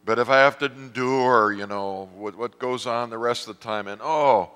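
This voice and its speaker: A man's voice: medium pitch, moderate pace, a bit bright, smooth. A middle-aged man, a pastor, preaching a sermon, telling stories and acting out voices with self-deprecating humor. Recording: reverberant hall.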